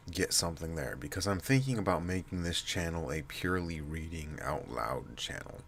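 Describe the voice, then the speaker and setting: Man, very deep voice, nasal and congested, heavy breathing, halting casual ramble, faint background hum. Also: a bit bright. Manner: halting, many fillers and restarts. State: stuffy from allergies. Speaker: channel host.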